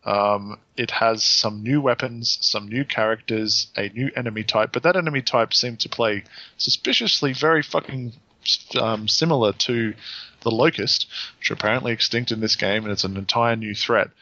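A man co-hosting a gaming podcast, talking in an animated, sweary and rambling way. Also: fairly low pitch, moderate pace, no room sound, lo-fi sound. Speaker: podcast co-host. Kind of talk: casual chat.

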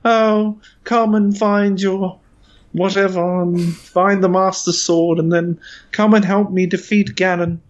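A shrill, breathy young princess, overwrought and pleading in a high falsetto, as a man mocks her in an impression. The sound is dull and lo-fi. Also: fairly even intonation, slow.

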